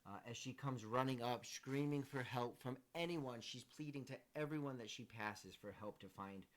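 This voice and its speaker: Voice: medium pitch, moderate pace. A game master narrating a tabletop game in an easygoing way, with many fillers.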